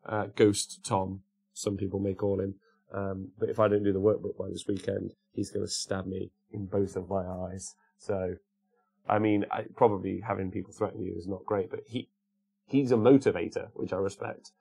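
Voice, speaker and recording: A man's voice: deep voice, level tone, normal speed, gravelly, dark tone, husky. A man hosting a casual livestream, rambling and chatting while greeting viewers by name. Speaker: livestream host. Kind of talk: casual chat reading live comments.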